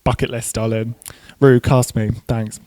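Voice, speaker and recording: A man's voice: mid-range voice, level tone, measured pace, darkish tone. Camp, chatty man. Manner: camp, chatty, swears freely, full of fillers. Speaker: drag queen guest. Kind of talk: casual interview chat.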